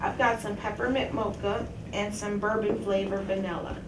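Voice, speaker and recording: A woman's voice: mid-range voice, steady tone, moderate pace. A woman hosting a casual cafe talk show, chatty and hospitable. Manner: chatty, hospitable, laughs easily. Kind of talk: casual chat. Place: small cafe. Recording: echoey cafe room, distant mic, background noise.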